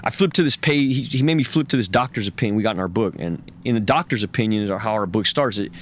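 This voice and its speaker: A man's voice: lowish voice, animated, quick pace, a little hiss or hum. A man as an interview guest, telling a personal story candidly, raw and profane and intense, and he acts out what other people said.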